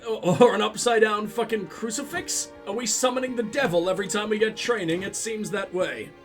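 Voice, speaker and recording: A man's voice: high-pitched, fairly even intonation, fairly quick, faint music behind. A man giving casual, profane, sarcastic commentary while playing a video game. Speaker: let's play host.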